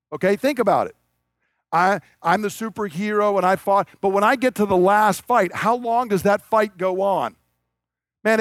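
High-voiced man preaching a sermon. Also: no echo, clean studio sound. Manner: conversational preaching, rising to emphatic declarations. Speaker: pastor.

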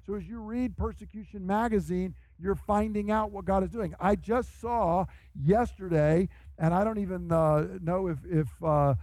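A man delivers an earnest, emphatic sermon to his congregation from the pulpit. His voice sits noticeably high for a man and carries a lot of conviction. The sound is dry and close, with almost no room echo. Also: mellow. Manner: earnest, emphatic preaching with restarts. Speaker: pastor. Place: church.

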